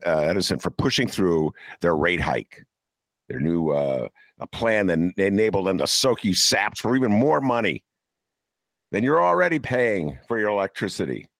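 A man's voice: low voice, a bit bright, no room sound. Sarcastic older man ranting. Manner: sarcastic, ranting, mocks people in put-on voices. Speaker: podcast host. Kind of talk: opinionated political talk.

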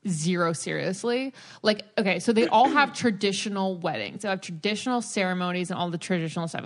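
A woman co-hosting a casual chat podcast, ranting and swearing as she acts out quotes. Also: medium pitch. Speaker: podcast co-host.

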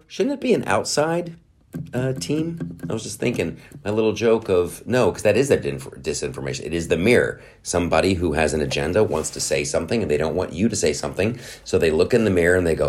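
A man hosting a podcast, riffing sarcastically through casual political commentary with quick mock voices. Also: low voice, sing-song. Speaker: podcast host.

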